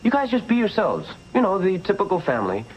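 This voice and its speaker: A young actor playing an earnest, idealistic son planning a film in a 1960s sitcom. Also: male voice, high voice, wildly swooping pitch, fast, darkish tone, a little hiss or hum. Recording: dull old TV soundtrack with music.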